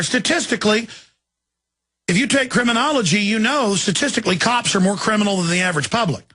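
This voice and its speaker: A man delivering an angry political rant as a talk show host, repeating himself and breaking into shouts. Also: high-pitched, quick pace. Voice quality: gravelly, raspy.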